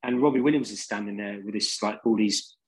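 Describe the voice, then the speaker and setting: Husky and fairly low, a band singer's voice carries a London accent as he rambles through casual podcast anecdotes with lots of fillers. He talks a little fast, and the recording is rough.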